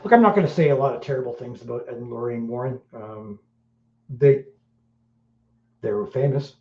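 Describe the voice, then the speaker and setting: A man's voice: mid-range voice, moderate pace. A middle-aged Welsh man hosting a podcast in casual chat, blunt and crude, rambling with many fillers. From Wales. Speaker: podcast host. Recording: roomy, dull lo-fi sound.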